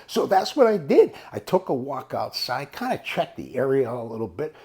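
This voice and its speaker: An older man telling a casual, profane anecdote in an animated way. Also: mid-range voice, normal speed. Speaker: storyteller.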